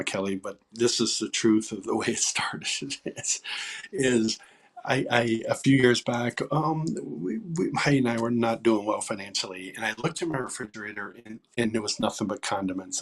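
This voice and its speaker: A man in his sixties, a songwriter guest, telling stories in a casual interview, halting with fillers and dropping to a whisper for quoted lines. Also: lowish voice, fairly bright tone, slightly rough. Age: 60s.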